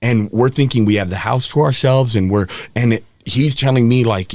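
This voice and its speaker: A man's voice: medium pitch, a little fast, few pauses, darkish tone, no echo. A man, a podcast guest, telling his personal story in a frank, rambling way with frequent restarts.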